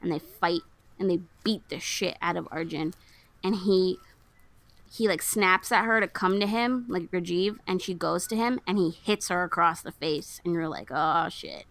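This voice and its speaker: A woman's voice: fairly low pitch, moderate pace, no room sound. A woman co-hosting a podcast, casually retelling a film plot and acting out its lines in a raised voice. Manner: animated storytelling, acts out quotes in a raised voice. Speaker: podcast co-host. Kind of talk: casual chat recapping a film.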